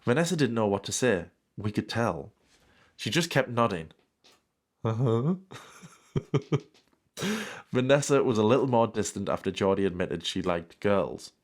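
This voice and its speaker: Unhurried and full of pauses, a man with a lowish, animated voice reads fan fiction out loud. He punctuates it with wry sarcastic interruptions and exaggerated fake outrage, making it a comic reading.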